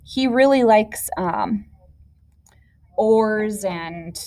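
A woman's voice: medium pitch, extremely slow, warm tone. A woman teacher patiently explaining a classroom activity step by step to young children. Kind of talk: classroom instruction video.

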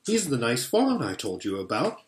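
A man voicing a cheerful little schoolgirl, the youngest sister, in a storybook reading, bright and eager, in a roomy-sounding space. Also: mid-range voice, huge pitch swings, moderate pace, a little hiss or hum. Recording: roomy echo.

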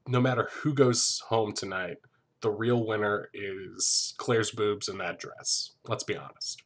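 A man hosting a comedic TV recap, talking in a sarcastic, profane way with deadpan asides. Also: on the low side, a little slow.

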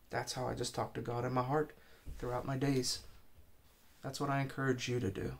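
A man's voice: medium pitch, little pitch movement, fairly quick, creaky. A man preaching an informal sermon, urging listeners with earnest, repeated exhortations.

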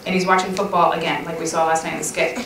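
A middle-aged woman giving a lively, chatty talk at a women's church conference session, often laughing and acting out little quoted lines. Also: low-pitched, quick pace, slight background noise. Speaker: conference speaker. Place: church hall. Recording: echoey church hall recorded from far off.

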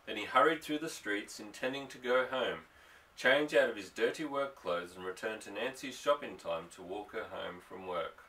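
A man narrating an audiobook, telling the story in a steady way. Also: lowish voice, normal speed. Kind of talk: scripted narration. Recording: distant mic.

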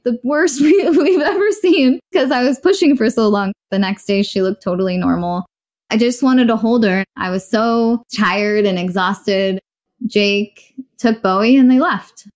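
A young adult woman in a podcast interview, telling a personal story candidly and bluntly, acting out what others said. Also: medium pitch. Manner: candid, blunt, acts out quoted voices.

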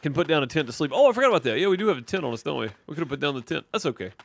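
A gaming streamer with a Mississippi drawl races through loose live commentary in a slightly high, sing-song, creaky voice. He rambles along, answers his chat, and relies on fillers.

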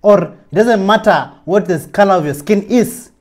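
A man's voice: high voice, moderate pace, darkish tone. A man hosting a video channel, giving indignant opinion commentary. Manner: indignant, preachy. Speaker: channel host.

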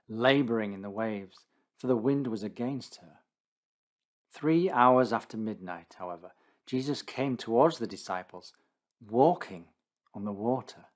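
A man narrating a condensed Bible reading in a steady, deliberate scripted style. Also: medium pitch.

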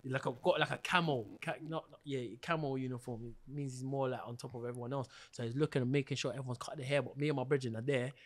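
A young British man, telling a story as a podcast guest in slangy, animated chat and laughing often. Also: medium pitch, fast talker, hardly any pauses. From Britain. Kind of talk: casual storytelling.

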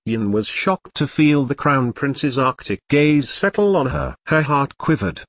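A man's voice: medium pitch, lively intonation, measured pace, few pauses, no echo, clean studio sound. A man narrating a novel audiobook in a machine-like, scripted reading. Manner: machine-like reading, reads symbols aloud.

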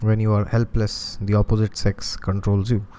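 A man with an Indian accent tells a devotional story as a spiritual teacher. His voice is low and mellow. He is animated, chuckles often and keeps asking his listeners rhetorical questions. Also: moderate pace.

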